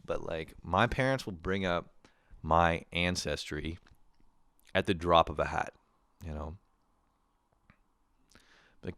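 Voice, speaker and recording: Casting: Canadian man, very low voice, dry close sound, animated comedic rant with cursing. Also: extremely slow, creaky, pauses often, dry recording. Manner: animated, swearing, laughing often. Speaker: podcast host. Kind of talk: casual comedic monologue.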